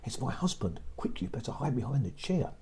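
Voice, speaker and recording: A man voicing a fussy, kindly giant's wife in a children's story, brisk and scolding, sometimes hushed. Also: medium pitch, big pitch swings, very noisy. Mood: fussing. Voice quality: husky. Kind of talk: storybook reading.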